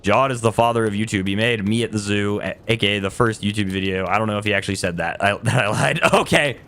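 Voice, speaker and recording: A man's voice: fairly low pitch, quick pace, fairly bright tone. A man chatting casually on a gaming livestream, rambling, correcting himself mid-sentence and laughing between thoughts. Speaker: streamer.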